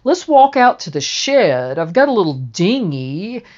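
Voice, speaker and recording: A big, booming older man, loud and overly familiar, drawing out his greetings, as a woman puts him on. The voice sits higher than his size suggests, and the lo-fi recording sounds dull. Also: sing-song, measured pace. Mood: eager.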